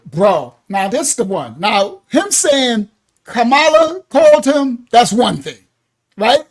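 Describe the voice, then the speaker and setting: A man hosting a livestream, reacting to clips loudly and laughing often into his own microphone. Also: extremely high pitch, slow pace. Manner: animated, loud, laughs often. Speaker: livestream host. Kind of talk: live reaction commentary.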